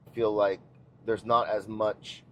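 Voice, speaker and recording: A man, a jiu-jitsu coach, explaining his ideas in a steady, teacherly way during casual chat in a car. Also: lowish voice, a little slow, slight background noise. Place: inside a car.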